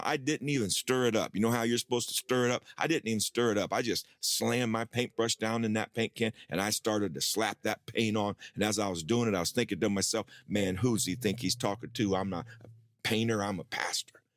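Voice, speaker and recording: Male pastor, low voice, dry close sound, animated sermon storytelling; acts out dialogue. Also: no room sound. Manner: animated storyteller, acting out dialogue with rising pitch.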